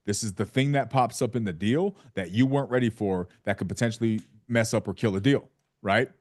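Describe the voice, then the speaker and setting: A man's voice: fairly low pitch, fairly quick. A man coaching a live training session on sales calls, emphatic and playful, acting out what he says to sellers. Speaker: real estate sales coach.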